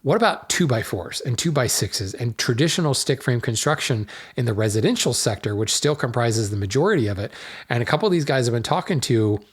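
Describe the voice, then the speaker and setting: Man, podcast host, mid pitch, casual solo talk, rambling with fillers. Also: husky. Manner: conversational, many fillers and restarts. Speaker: hardwood dealer.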